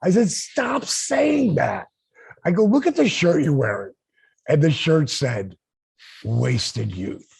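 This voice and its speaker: A man's voice: a little high, a little slow, creaky, husky. A man in his sixties, a podcast host, telling a story in casual talk and acting out the lines he quotes. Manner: animated, acts out quoted lines. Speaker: podcast host, former wrestler.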